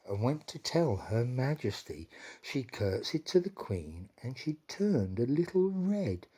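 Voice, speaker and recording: A man reading a classic children's rhyme aloud, slow and expressive. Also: medium pitch, slightly rough. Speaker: storyteller.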